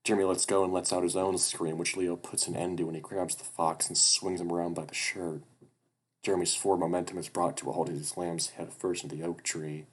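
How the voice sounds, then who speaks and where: Низкоголосый мужчина читает визуальную новеллу. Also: male voice, low-pitched, little pitch movement, brisk, breathy edge. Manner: casual, swears, breaks off with asides. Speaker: visual novel narrator. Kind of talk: reading a visual novel aloud.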